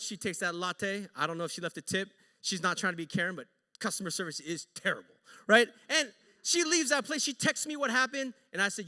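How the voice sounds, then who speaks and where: A man, a pastor, telling a story in a sermon in an animated, joking, conversational way, recorded in a church sanctuary. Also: sits high, fairly quick, hardly any pauses, long reverb tail.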